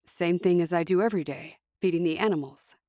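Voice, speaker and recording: A woman voicing a calm, even-tempered young Amish man who speaks quickly in a slightly lowered voice. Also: no echo, studio quality, close to an everyday voice.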